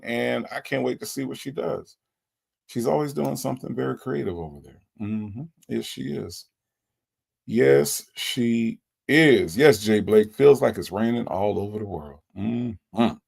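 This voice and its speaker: Gravelly-voiced man hosting a casual livestream. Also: mid-range voice, lively intonation, slow. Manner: greets viewers by name, folksy and chatty. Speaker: livestream host.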